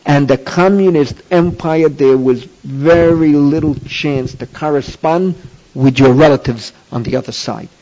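A man with a high voice lectures in a religious class, hammering points home and repeating phrases for emphasis. The sound is dull and lo-fi, like an old tape recording. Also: unhurried, mellow. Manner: emphatic, repetitive, rising to questions. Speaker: rabbi teaching a class. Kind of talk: Torah lecture.

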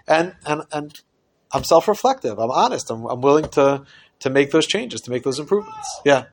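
A man teaching a Torah class, explaining a text with lively acted-out dialogue and many Hebrew terms. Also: a little high, normal speed. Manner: animated, acts out quoted dialogue.

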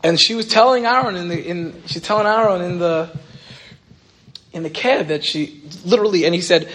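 A rabbi telling a story in an animated way, acting out the dialogue and saying "like" a lot. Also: male voice, high-pitched, moderate pace. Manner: animated storytelling, acts out quoted dialogue, frequent "like". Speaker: rabbi and teacher. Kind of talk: storytelling Torah talk.

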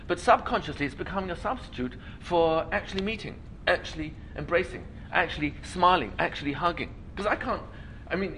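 Speaking at a school learning day, a man lectures an audience in a bright, somewhat high voice over slight background noise. He often acts out little scenes in funny voices, poses rhetorical questions, and laughs.

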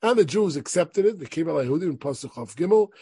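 Husky-voiced man teaching a Torah class. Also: fairly high pitch, animated, fast talker, dark tone, dry recording. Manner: reads Hebrew verses aloud then explains them, checks in with "right?". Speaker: rabbi teaching a weekly class. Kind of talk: lecturing on Jewish law from source sheets.

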